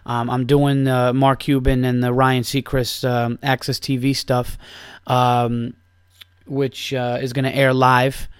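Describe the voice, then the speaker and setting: A man's voice: medium pitch, completely flat delivery, slow pace, smooth, no room sound. Profane, rambling man on a dry mic. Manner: profane, rambling storytelling with many restarts. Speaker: podcast host and stand-up comedian. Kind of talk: casual podcast monologue.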